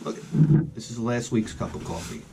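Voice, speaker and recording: A man's voice: mid-range voice, moderate pace, noisy background. A man rambling in a casual vlog outdoors, chatting with joking asides about his collection. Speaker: collector vlogger.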